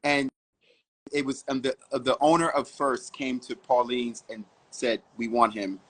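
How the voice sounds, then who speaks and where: Husky-voiced storytelling man from Harlem. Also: mid-range voice, measured pace, rough recording. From Harlem, New York. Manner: animated storyteller, vivid asides. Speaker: guest, fashion model. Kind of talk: storytelling interview answers.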